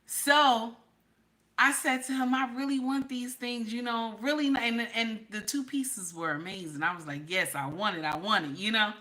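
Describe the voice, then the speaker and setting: A woman's voice: fairly high pitch, normal speed. A woman, host of a casual livestream who reads chat comments aloud and teases her viewers. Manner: animated, teasing, talks straight to chat viewers.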